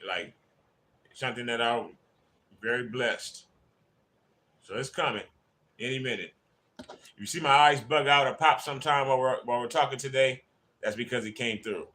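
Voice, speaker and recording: A man's voice: mid-range voice, normal speed, pauses often, bright, forceful tone. A man hosting a casual fan livestream, chatting and greeting viewers by name as they join. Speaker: livestream host.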